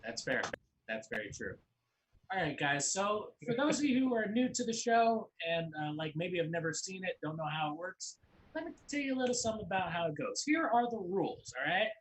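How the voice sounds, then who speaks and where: Animated stammering male comedy host. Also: high-pitched, fairly quick, slight background noise, rough recording. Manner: rambling, stammers and repeats words. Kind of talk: casual hosting banter.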